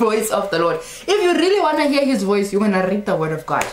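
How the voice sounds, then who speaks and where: A woman giving a casual spoken sermon to camera, animated and scolding with teasing asides. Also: mid-range voice, fairly quick, few pauses, reverberant, faint music behind. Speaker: Christian teacher.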